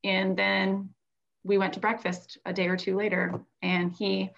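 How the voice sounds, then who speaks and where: A woman's voice: mid-range voice, completely flat delivery, measured pace, gravelly, highs cut off. A woman author and teacher from Florida, telling her story animatedly in a livestreamed conversation, acting out quotes with many fillers. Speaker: children's book author and classroom teacher. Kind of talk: livestreamed book launch conversation.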